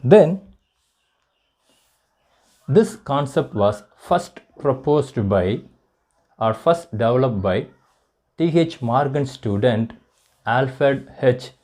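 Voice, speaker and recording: A man with an Indian English accent, teaching a biology lesson and slowly repeating each point as if for dictation. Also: medium pitch, expressive, a little mellow. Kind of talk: classroom lecture.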